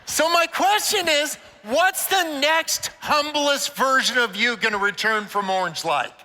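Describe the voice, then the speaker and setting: Older man, very high bright voice, playful joking conference speaker, long hall reverb. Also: unhurried. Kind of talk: inspirational conference talk. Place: conference stage in a large hall.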